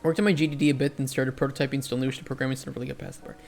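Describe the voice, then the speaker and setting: A man's voice: mid-range voice, flat delivery, very fast, gravelly, a little mellow, soft background music. A man, an indie game developer, chatting casually on a livestream while he codes. He answers chat and often restarts his sentences.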